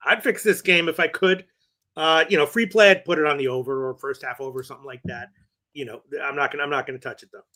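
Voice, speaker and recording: A man's voice: on the high side, fairly even intonation, fast, bright, forceful tone. A man co-hosting a sports betting show, thinking aloud about his picks in a hesitant, casual way full of fillers.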